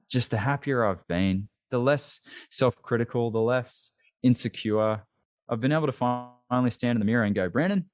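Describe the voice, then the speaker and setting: A man with an Australian accent, a podcast guest talking in a casual interview in an animated, emphatic and self-deprecating way. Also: medium pitch, no echo, studio quality.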